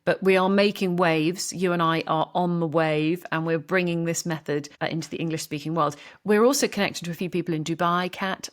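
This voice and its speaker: A woman hosts a podcast interview in a conversational way. Her voice sits a little low. She tells stories with animated enthusiasm. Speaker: podcast host.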